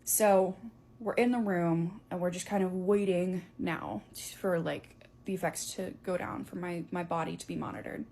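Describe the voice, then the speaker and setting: A young woman telling a story in a casual, animated, chatty way, with many fillers. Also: lowish voice, moderate pace, vocal fry, slight background noise.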